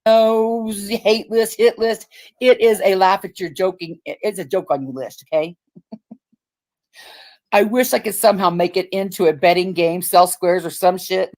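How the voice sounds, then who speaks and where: A woman's voice: mid-range voice, fairly even intonation, a little slow, darkish tone. Blunt, profane woman ranting. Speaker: livestream host. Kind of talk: casual ranting livestream chat.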